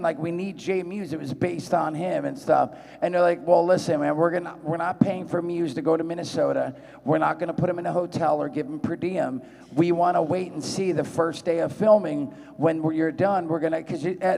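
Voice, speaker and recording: Profane storyteller in a big hall. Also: male voice, fairly high pitch, creaky. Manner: profane, rambling, animated voices in quotes. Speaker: convention panel guest. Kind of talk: storytelling to a live audience. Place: large convention hall. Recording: long hall reverb.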